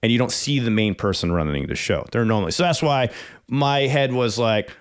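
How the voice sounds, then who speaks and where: Animated man telling a story. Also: medium pitch, a little fast, smooth, dry recording, studio quality. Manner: animated, swearing, rising to excited panic. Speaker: podcast co-host, sound engineer. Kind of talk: casual storytelling chat.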